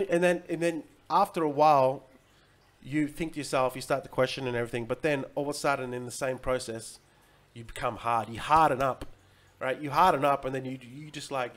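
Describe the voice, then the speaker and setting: A man talks straight to his viewers in a motivational pep-talk style, repeating his points and checking in with "right?" again and again. His delivery swings between loud, insistent peaks and quiet, dropped-down asides. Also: mid-range voice. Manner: emphatic and repetitive, keeps asking "right?". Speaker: crypto livestream host. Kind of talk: motivational monologue.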